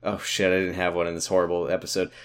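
A man's voice: deep voice, completely flat delivery, quick pace, clear, resonant tone. A man co-hosting a casual podcast, recapping an episode sarcastically and acting out quotes. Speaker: podcast co-host.

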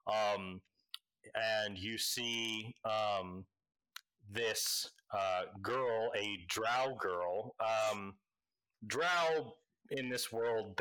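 Game master, male, bright voice, slow and halting, lots of fillers. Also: on the low side, low-quality recording. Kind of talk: narrating a tabletop game.

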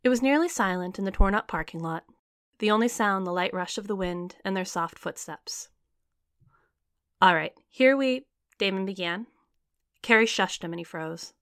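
A woman narrates a scripted story at a middle pitch, reading evenly through the action. The recording is dry and close, with no room sound around her voice. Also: normal speed, a bit bright, clear, resonant tone, no echo. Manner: reads the story evenly, voicing both characters' dialogue.

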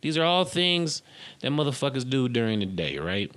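A man hosting a podcast in a mocking, incredulous comedic rant, laughing often and jumping up high on repeated exclamations. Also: sing-song, normal speed, a bit bright. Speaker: podcast host. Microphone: camera and mic at home.

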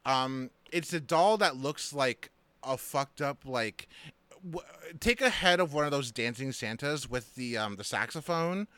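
A man's voice: mid-range voice, expressive, a little slow, pushed and bright, clean tone, no echo. A man co-hosting a podcast, talking casually about a film in rambling sentences full of fillers and restarts. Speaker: podcast co-host.

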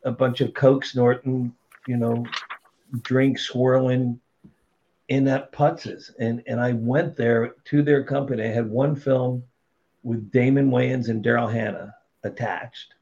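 A man's voice: medium pitch, slow pace, vocal fry. A middle-aged man telling blunt, profane stories about his career as a podcast guest. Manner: blunt, profane, animated storytelling. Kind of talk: casual storytelling. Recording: dull lo-fi sound.

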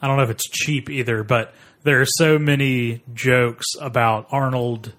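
A man's voice: mid-range voice, steady tone, moderate pace, fairly bright tone. A man co-hosting a casual podcast, searching for words as he muses over a film and laughs at jokes. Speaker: podcast co-host.

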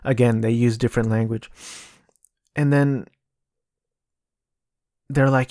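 Male podcast host, mid-pitched, slow and meandering, frequent self-corrections, dry close mic. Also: steady tone, a little mellow, no echo. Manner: rambling, self-correcting, mocking impressions. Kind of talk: casual solo podcast talk.

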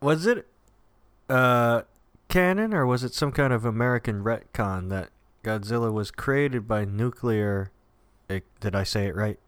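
A man's voice: medium pitch, unhurried, a bit bright, clean tone, no room sound. A man in a casual podcast chat, hesitant and asking beginner questions. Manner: hesitant, asks naive questions.

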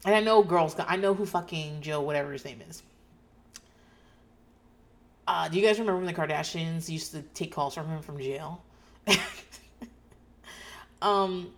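Swearing, ranting podcast woman. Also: sits low. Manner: ranting, swears freely, animated asides. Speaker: podcast host recapping a show. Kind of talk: casual recap chat.

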